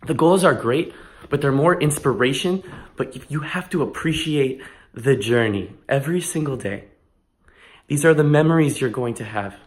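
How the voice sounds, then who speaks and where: A man's voice: mid-range voice, normal speed. A man in his twenties talking earnestly in a casual vlog, emphatic and given to restarts. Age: 20s. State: emotional, close to tears. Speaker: vlogger.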